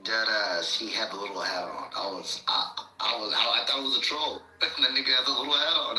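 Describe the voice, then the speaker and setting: A man's voice: on the low side, steady tone, fairly quick, bright, forceful tone, distant mic. A man in casual podcast banter, slangy and profane, laughing through his stories. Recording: echoey room.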